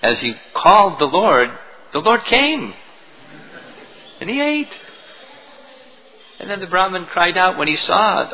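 A man lecturing as a spiritual teacher, retelling a devotional story in an animated way, on a dull lo-fi recording. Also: high voice, unhurried, long pauses, faint music behind. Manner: animated storytelling, chuckling at moments.

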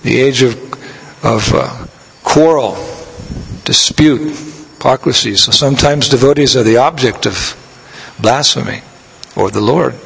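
A man giving a scripture lecture as a spiritual teacher, telling stories in a measured way and laughing now and then. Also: mid-range voice, vocal fry, a bit bright, slight background noise. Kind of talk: sermon. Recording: long hall reverb.

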